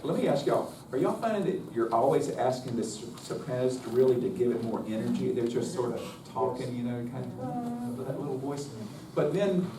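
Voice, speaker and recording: A man's voice: mid-range voice, very animated, a little fast, few pauses. Folksy North Carolina man, roomy and distant. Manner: folksy, chatty, demonstrates by singing. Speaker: choral workshop presenter. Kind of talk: workshop lecture with sung demonstrations. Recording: roomy, distant mic, faint noise.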